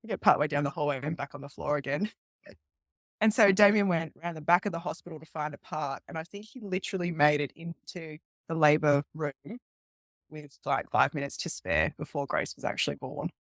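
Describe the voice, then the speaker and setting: Woman, lower voice, animated storyteller, mimics quoted voices, dry close sound. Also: fairly quick, no echo. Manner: animated retelling, acting out quoted voices with laughs. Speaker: guest, police detective. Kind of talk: casual storytelling.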